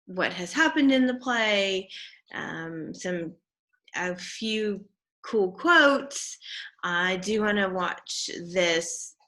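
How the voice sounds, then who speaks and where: A woman's voice: on the low side, pushed and bright. A woman giving a casual literature lecture, chatty and full of fillers. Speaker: literature teacher.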